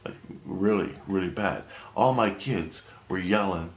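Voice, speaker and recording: Deep-voiced man rambling in an echoey room. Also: measured pace, a little hiss or hum. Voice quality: profane, excitable, talks in restarts. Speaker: vlogger. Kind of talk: rambling first-person storytelling.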